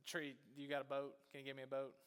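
A man's voice: mid-range voice, monotone, fast, fairly bright tone, clean tone, close to an everyday voice. A man voicing a demanding boy who grows into a restless man, whiny and impatient. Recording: long church reverb.

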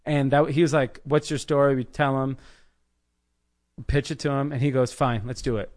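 Animated storytelling man in his thirties. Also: mid-range voice, normal speed. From United States, Los Angeles area. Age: 30s. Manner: animated storyteller acting out quoted people. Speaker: podcast guest, clothing brand founder. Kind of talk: casual interview storytelling.

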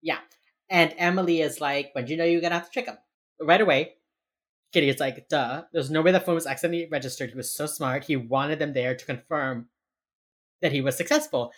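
A woman co-hosting a podcast, recapping an episode in casual chat, saying "like" often and acting out characters' lines. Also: rumbling low. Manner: rambling recap with lots of "like", acts out characters. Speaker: podcast co-host.

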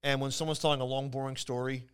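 A man's voice: mid-range voice, little pitch movement, quick pace, smooth. A man with a Philadelphia accent hosting a podcast, telling rambling comedic anecdotes with stammering restarts. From Philadelphia area. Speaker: podcast host. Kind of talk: casual comedic chat.

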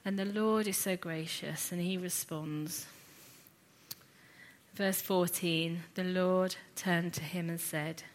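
Earnest woman Bible teacher, lowish voice. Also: takes it slowly. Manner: earnest, reflective storytelling with lively asides. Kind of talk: teaching sermon.

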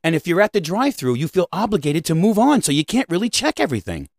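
A high-voiced podcast host talks at a quick pace, captured as clean studio sound with no room sound. Animated and casual, he rants on, repeatedly checking in with "right?" and occasionally cursing.

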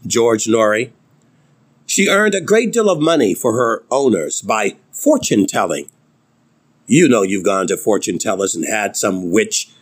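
A man preaching a sermon, reading scripture with emphatic, dramatic delivery and big swings in pitch.

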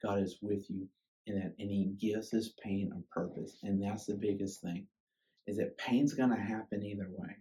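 A man's voice: fairly low pitch, fairly even intonation, normal speed, warm tone. A man in his thirties preaching a personal, emotional sermon in a conversational way, often checking in with "okay?". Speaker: pastor. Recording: voice from far off the mic.

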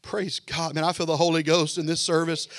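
A man preaching a fervent sermon as pastor, building to shouts and then dropping low. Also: level tone, brisk, no echo.

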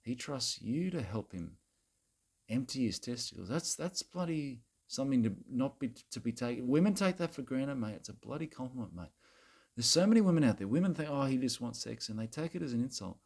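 A man's voice: mid-range voice, lively intonation, a little fast, creaky, darkish tone, husky. A man playing a crude, self-righteous Australian bloke who rants at women in a rambling, repetitive way, saying mate and bloody constantly. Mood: preachy rant. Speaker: comedy character monologue. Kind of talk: satirical rant to camera.

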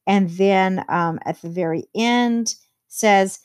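A woman's voice: medium pitch, takes it slowly, a little mellow, smooth. Woman teacher explaining a novel chapter. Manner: reads quotes aloud with plain commentary.

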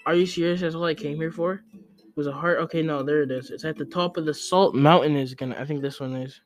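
Excitable young man narrating gameplay. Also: on the high side, fast talker, faint music behind. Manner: excitable, scolds the game character in sudden yelps. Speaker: let's play gamer. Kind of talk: casual gameplay commentary.

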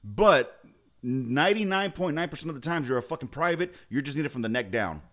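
A man's voice: a little high, animated, a little fast, fairly bright tone. A young man co-hosting a casual podcast chat over a video call, talking in a blunt, emphatic and profane way. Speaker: podcast co-host.

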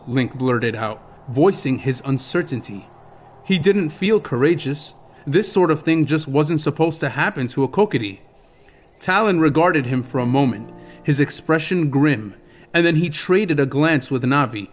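A man reading a fantasy novel aloud as an audiobook narrator, in a steady, measured storytelling manner. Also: a little high. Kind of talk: scripted narration.

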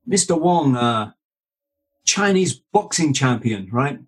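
A man's voice: mid-range voice, sing-song, slow pace, husky, full character voice. A man voicing a brusque male nightclub manager from a gang outfit, speaking clipped broken English with a Hong Kong accent. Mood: matter-of-fact.

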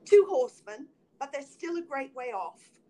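A woman's voice: high-pitched, sing-song, moderate pace, mellow, pitched above the performer's own voice. A woman voicing a young woman keeping watch from a tower, calling out her report. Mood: watchful.

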